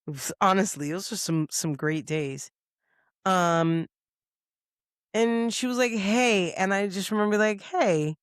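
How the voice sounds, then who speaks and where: A woman's voice: mid-range voice, a little slow, long pauses, clear, resonant tone, no room sound, studio quality. Profane woman podcast host telling stories. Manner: profane, lively, acts out others' lines. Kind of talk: casual storytelling. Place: podcast studio.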